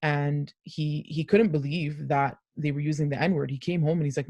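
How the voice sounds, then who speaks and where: A woman's voice: low-pitched, fairly even intonation, brisk, hardly any pauses, darkish tone, husky, no room sound, studio quality. A middle-aged woman speaking earnestly as a parent on a panel discussion, over a video call. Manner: earnest, heartfelt.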